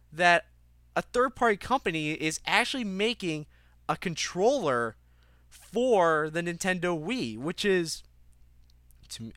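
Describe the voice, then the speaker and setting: A man's voice: a little high, bright, forceful tone, smooth, no room sound, clean studio sound. A young man hosting a casual gaming news podcast, rambling with many fillers and restarts. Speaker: podcast host.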